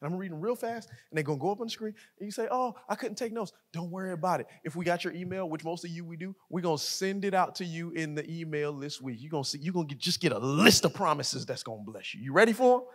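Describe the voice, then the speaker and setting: A man preaching a sermon as co-pastor, in a colloquial way that repeats words, often building to shouts. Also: on the high side, lively intonation, quick pace, few pauses. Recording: long hall reverb.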